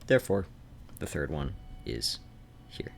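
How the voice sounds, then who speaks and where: A rumbling, gravelly low voice with big swings in pitch unfolds at a measured pace as the man streams his sketching, musing aloud and restarting. The faint North Idaho accent has a Canadian feel, and his desk mic leaves a little hiss or hum in this rambling drawing stream.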